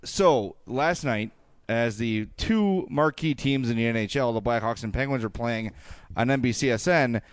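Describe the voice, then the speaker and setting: Male podcast co-host, clean resonant voice, dry booth sound, ranty and animated. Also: medium pitch, normal speed, smooth, no echo. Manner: animated, ranting, jokey asides. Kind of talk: casual sports podcast chat.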